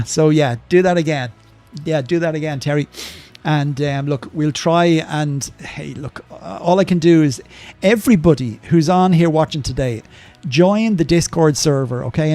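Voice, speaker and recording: Chatty older man, mellow voice. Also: on the high side. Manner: chatty and rambling, full of ums and asides. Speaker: live game streamer. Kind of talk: casual live-stream chat answering viewers.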